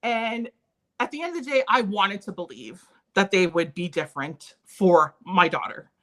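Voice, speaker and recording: A woman's voice: mid-range voice, animated, moderate pace, a bit bright. Earnest woman sharing a personal story. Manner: candid, earnest, recounting painful memories. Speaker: interview guest.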